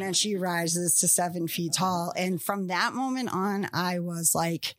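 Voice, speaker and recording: A woman's voice: fairly low pitch, fairly even intonation, a little slow, hardly any pauses, fairly bright tone. A woman chatting casually as a podcast guest, rambling along with lots of fillers and restarts.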